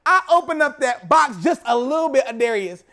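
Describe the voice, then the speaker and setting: A young man preaching a sermon, telling a story and repeating phrases as he builds to shouting. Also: extremely high pitch, animated, fairly quick, very noisy. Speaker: pastor.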